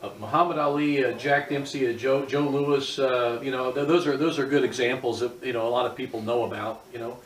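Halting male interviewer in echoey room. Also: medium pitch, fairly even intonation, slight background noise. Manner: halting, restarting questions. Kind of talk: interview questions. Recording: roomy, distant mic.

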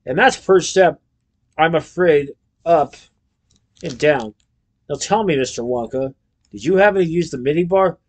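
Sly, grasping landlady, put on by a male reader; low, wheedling, storybook. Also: lively intonation, measured pace, pauses often. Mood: greedy, sly. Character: greedy scheming landlady, older woman.

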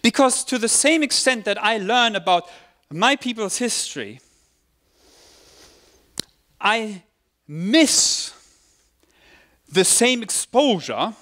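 Pausing often and moving slowly, a high-voiced German pastor in his forties swings widely in pitch with a sharp tone. He gives a conversational, personal sermon with self-deprecating asides, his German accent layered over British English.

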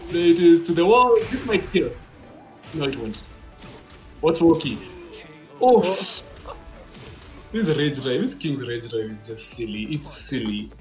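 An excitable male esports commentator with a lively, animated delivery, jumping from calm play-by-play to loud disbelief. His pitch swings widely as he calls the action. Faint music plays behind him. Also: measured pace, pauses often. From Africa. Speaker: fighting game commentator.

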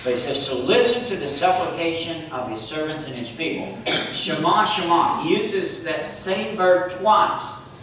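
A man preaching a sermon to a congregation, often pausing to ask the listeners questions and repeating key words. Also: fairly high pitch, sing-song, a bit bright, slight background noise. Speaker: preacher and teacher. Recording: echoey hall from far off.

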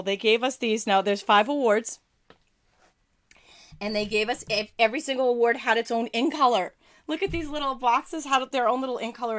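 A woman hosting a live video about card-making supplies, chatting casually with viewers in a bubbly, gushing way. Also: medium pitch.

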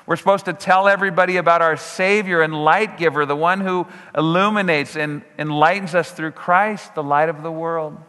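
A man preaching a sermon as pastor, emphatic, slowing down on key phrases and swinging his pitch up and down. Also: fairly even intonation, sharp tone. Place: church sanctuary. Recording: church hall reverb.

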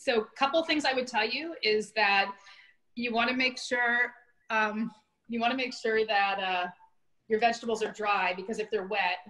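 A woman's voice: a little high, moderate pace, sharp tone, low-quality recording. Woman in her fifties, chef hosting a casual cooking demo from her kitchen, chatty, self-mocking, laughs a lot, video call audio. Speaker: chef teaching a cooking class. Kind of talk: casual live cooking demonstration. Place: home kitchen.

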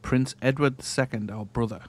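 A man's voice: mid-range voice, fairly even intonation, moderate pace, slight background noise. A man hosting a let's-play, casually thinking aloud as he plays a strategy game, often trailing off and restarting. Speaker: gaming channel host.

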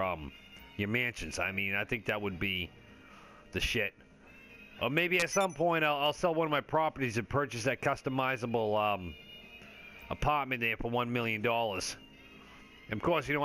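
In a mid-range voice with a sharp tone, a man chats loosely over his gameplay for a gaming video. It's laid-back stoner talk, jokey and full of swearing and frequent fillers.

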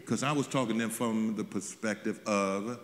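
A man, a bishop, preaching a sermon as an animated storyteller, with folksy asides and frequent restarts. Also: lowish voice, moderate pace, long reverb tail.

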